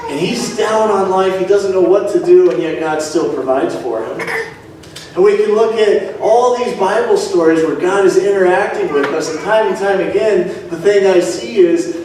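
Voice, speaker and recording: A pastor delivers his sermon and tells a story, lifting and dropping his voice for the people he quotes. His voice sits a little high for a man. He is captured from a distance, with a strong church echo around him. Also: moderate pace, background noise. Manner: storytelling with shifting pitch for quoted characters. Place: church sanctuary. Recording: very echoey church from far off.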